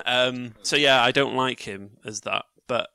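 A man chatting as a podcast host, telling stories excitably with swearing and restarts. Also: mid-range voice, unhurried, smooth, no echo. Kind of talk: casual chat.

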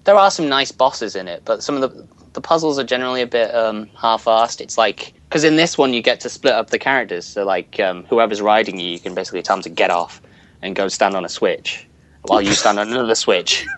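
A man's voice: fairly low pitch, a little fast, fairly bright tone, dry recording. A young man chatting casually about video games, rambling and laughing often as he searches for words. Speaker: podcast co-host.

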